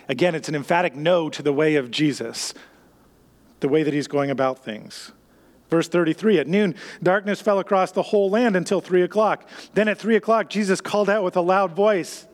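A man's voice: high voice, moderate pace. A man preaching a sermon in an earnest way, reading scripture aloud, with some restarts. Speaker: pastor.

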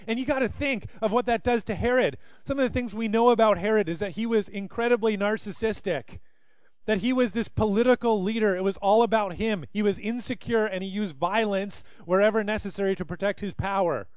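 High-voiced man preaching with animated storytelling. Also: a little fast, no echo. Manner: animated storytelling, acting out quoted speakers. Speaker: pastor. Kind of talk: sermon.

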